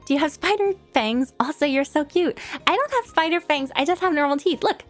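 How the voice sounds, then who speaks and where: Young woman, New York accent, high bright voice, giggly casual stream chat over faint music. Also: lively intonation, fairly quick. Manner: giggly, lots of fillers and restarts. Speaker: streamer answering viewer questions.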